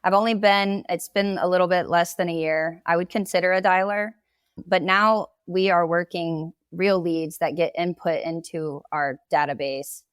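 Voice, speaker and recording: Real estate agent, woman, low voice, conversational, dry close mic. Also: fairly even intonation, normal speed, smooth, dry recording. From Oklahoma. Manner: conversational, explaining at length with laughs. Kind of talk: casual podcast interview.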